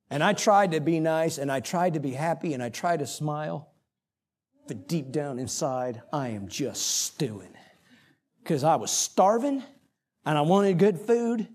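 A middle-aged man preaching, telling a story about himself in an animated, self-mocking way with quoted asides. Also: on the high side. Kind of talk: storytelling sermon.

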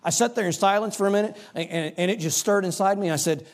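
A middle-aged man preaching, telling a story about himself in an animated, self-mocking way with quoted asides. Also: high-pitched, fast talker. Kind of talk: storytelling sermon.

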